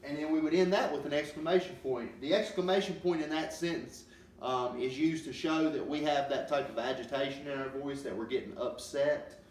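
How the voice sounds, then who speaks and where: Male teacher, patient, halting delivery full of ums, far from the mic in a roomy space with faint hiss. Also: fairly high pitch. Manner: slow, patient explaining with many ums. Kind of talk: classroom grammar lesson.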